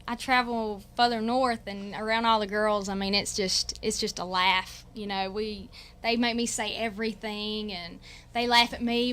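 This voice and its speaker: A woman's voice: mid-range voice, pushed and bright, slight background noise. A woman from Louisiana with a country twang, a guest chatting and giggling on a radio show. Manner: giggly, rambling. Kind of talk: casual radio chat.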